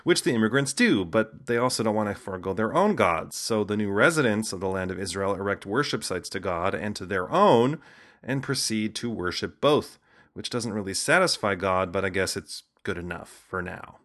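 A man's voice: lowish voice, lively intonation, moderate pace, a bit bright. Wry man narrating with casual asides. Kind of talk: humorous scripted narration.

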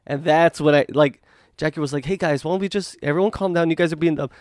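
A man hosting a podcast, telling a story in animated casual chat, acting out quotes and swearing freely. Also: on the high side, fast talker, no echo, clean studio sound. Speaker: podcast host.

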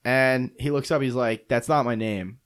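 Rambling, profane young podcast host. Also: male voice, medium pitch, normal speed. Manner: rambling, profane, talks over others. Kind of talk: casual chat, storytelling.

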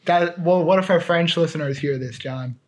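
A man's voice: fairly high pitch, normal speed. A man co-hosting a podcast in casual chat, joking and rambling with lots of fillers. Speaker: podcast co-host.

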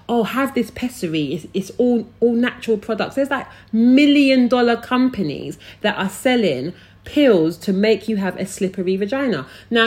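Blunt, outspoken woman. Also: mid-range voice. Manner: blunt, outspoken, swears freely. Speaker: podcast host. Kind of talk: casual opinion rant.

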